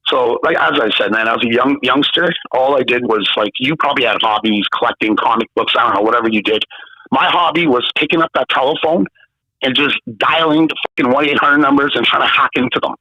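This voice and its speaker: A Canadian man of about fifty, a guest in a casual interview, tells a story quickly in a mid-range voice, swearing freely and animatedly acting out the people in it. The recording has dull lo-fi sound with no room sound.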